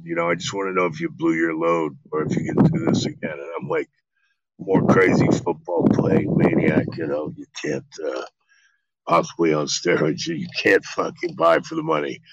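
A middle-aged man, an actor being interviewed, telling stories in a casual, animated and profane way, acting out quotes. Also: extremely low pitch, dry recording, muffled recording. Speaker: actor guest.

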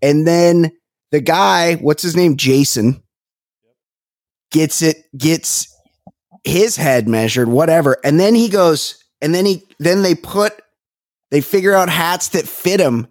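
A man's voice: fairly high pitch, takes it slowly, no room sound, clean studio sound. A man co-hosting a casual podcast, blunt and joking, with a profane streak. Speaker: podcast co-host. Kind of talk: casual chat. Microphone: close podcast mic.

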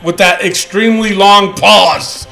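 A man hosting a wrestling podcast, talking loud and ranting with lots of swearing. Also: high-pitched, a little slow, creaky, loud music behind the voice, low-quality recording. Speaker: podcast host. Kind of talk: casual wrestling podcast chat.

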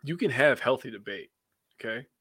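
Man, sports podcast co-host, casual chat, excitable, swears a lot, bright forceful tone. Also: medium pitch, moderate pace, husky, no echo.

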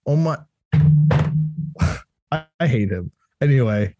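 A young man co-hosting a casual sports podcast, rambling and excitable and laughing often. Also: on the high side, normal speed, music in the background. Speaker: podcast co-host.

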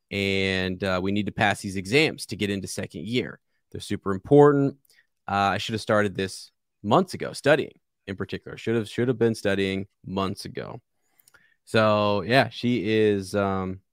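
A man's voice: lowish voice, moderate pace, no echo, studio quality. A man co-hosting a casual podcast about a book, enthusiastic and rambling with many restarts. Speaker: podcast co-host.

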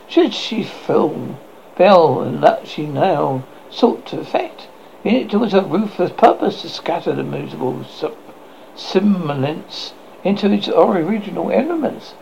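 Horror host guy reading a story, gravelly voice, lively pitch, stumbles some, muffled lo-fi audio. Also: a little hiss or hum. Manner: expressive, stumbles and restarts. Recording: muffled lo-fi recording.

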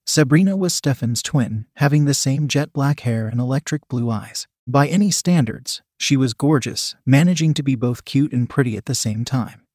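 A man reading a first-person story aloud in an even, measured narration. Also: mid-range voice, no echo, clean studio sound. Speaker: audiobook narrator.

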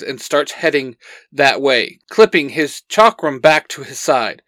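A man's voice: medium pitch, lively intonation, moderate pace, fairly bright tone, dry recording. A man reading his own fan story aloud, acting out the dialogue earnestly as storyteller.

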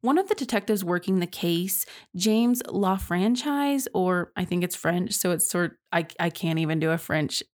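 A woman's voice: lowish voice, animated, normal speed, few pauses. Chatty woman telling a true crime story. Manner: chatty, reacts with sighs and laughs, says y'all. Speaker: true crime podcast host.

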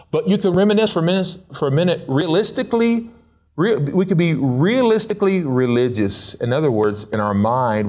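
In a relaxed, playful sermon, a male preacher alternates between excited, high-pitched asides and quiet, low comments.

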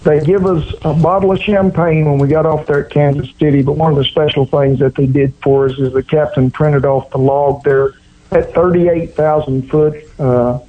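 Folksy Oklahoma cowboy man, higher voice. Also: fairly even intonation, normal speed, narrow, tinny audio. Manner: drawling, folksy storyteller with country grammar. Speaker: guest. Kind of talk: folksy storytelling interview.

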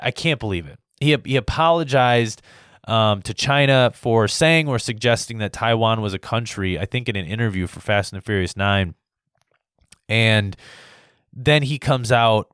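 A man from the United States rants to camera, swearing freely and hammering the same points over and over. His voice sits at an ordinary male pitch, and the sound is dry and close with no room echo. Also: a bit bright. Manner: profane, repetitive, heated. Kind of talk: angry political rant to camera.

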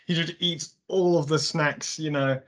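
A man's voice: fairly high pitch, fairly even intonation, measured pace, fairly bright tone. A man talking casually as a film reviewer, rambling with many fillers. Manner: rambling, heavy with fillers like "you know". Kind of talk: casual chat.

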